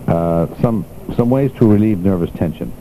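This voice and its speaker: A man's voice: low-pitched, normal speed, warm tone, a little hiss or hum, poor audio. An older man hosting a radio show in a casual, chatty way, laughing often and reading items aloud to the listeners. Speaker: radio host.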